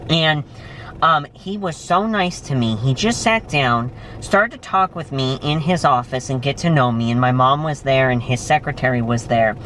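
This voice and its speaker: A young man in a restaurant, chatting casually and telling stories with lively excitement. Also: normal speed, a little hiss or hum. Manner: animated storytelling, jumps high when excited. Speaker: vlogger. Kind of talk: casual chat. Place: restaurant, indoors.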